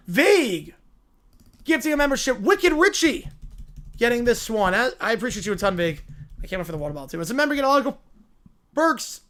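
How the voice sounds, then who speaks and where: Livestream host, male, fairly high voice, quick and opinionated. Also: fairly bright tone. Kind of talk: casual livestream chat.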